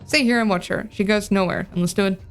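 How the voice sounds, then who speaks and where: A woman reading a haughty game villain barking orders at a mid-pitch, slightly hoarse. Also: a little fast, faint music behind, natural voice. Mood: commanding.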